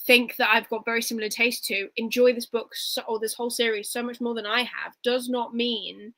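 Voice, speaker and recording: A woman's voice: on the high side, level tone, a little fast, fairly bright tone, no echo, low-quality recording. A woman co-hosting a casual livestream book chat, talking in a rambling, reflective way with many restarts. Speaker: book podcast co-host.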